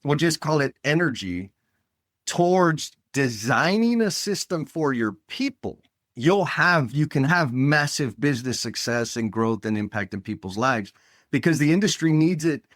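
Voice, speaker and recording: A man's voice: on the high side, expressive, moderate pace, a bit bright, dry recording, studio quality. A man hosting a podcast interview, telling stories in a blunt, emphatic way. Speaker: podcast host. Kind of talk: casual interview chat.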